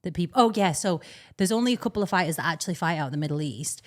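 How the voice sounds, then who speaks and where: Young woman, podcast co-host, rambling casual chat, slightly low voice. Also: lively intonation, very fast. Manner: chatty, rambling, laughs often.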